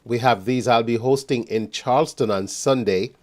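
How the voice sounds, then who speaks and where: A man hosting a live show, giving upbeat announcements and shout-outs to listeners. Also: mid-range voice, normal speed. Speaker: radio show host.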